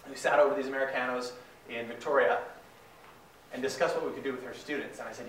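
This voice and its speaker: A young Canadian guest speaker gives an enthusiastic talk in a large, echoey hall, his medium-pitched, fairly bright voice picked up by a distant mic over faint ambience and a little hiss or hum. He talks fairly quickly with long pauses, acting out the quotes in his story.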